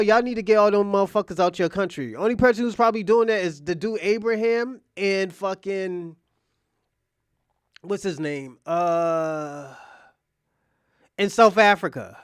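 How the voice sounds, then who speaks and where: High-voiced man ranting angrily. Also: moderate pace, clear, resonant tone, no echo, clean studio sound. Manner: angry, profane, incredulous ranting. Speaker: commentary streamer. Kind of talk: heated reaction commentary.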